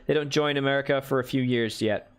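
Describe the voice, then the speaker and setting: A man's voice: mid-range voice, steady tone, fast talker, clean tone, faint music behind. A man giving casual commentary as he plays a strategy game on a stream, explaining his moves, answering viewer chat and tossing in playful asides.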